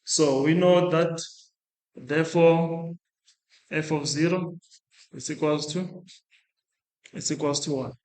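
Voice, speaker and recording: A male maths lecturer with a fairly high voice explains a calculation step by step in a classroom. He thinks aloud, stopping to restart and correct himself. The room is echoey. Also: steady tone, slow, long pauses, darkish tone. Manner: talks through working aloud, restarts and self-corrects.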